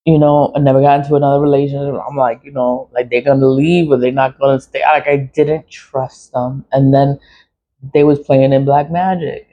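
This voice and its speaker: A woman around forty, telling her story in a blunt, profane, laughing casual monologue. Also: rumbling low. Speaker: vlogger. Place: home in the city early morning. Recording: dull lo-fi recording.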